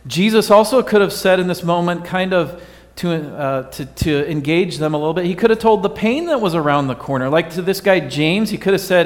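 A man's voice: high-pitched, lively intonation, brisk. A male pastor giving a conversational sermon, quizzing his congregation with a light, joking manner. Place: church sanctuary. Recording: long hall reverb.

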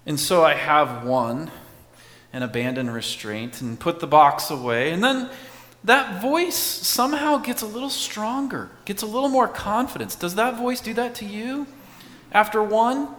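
A man's voice: sits high, big pitch swings, normal speed, a bit bright, in a large hall. A man preaching a sermon in a conversational way, asking his congregation questions as he goes. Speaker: pastor.

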